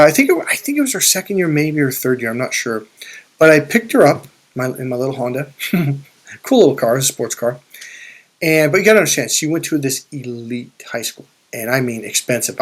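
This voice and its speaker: A man coaching viewers through a casual, rambling story, swearing freely and restarting his sentences often. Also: medium pitch. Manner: profane, rambling, with frequent restarts. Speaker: spiritual and life coach.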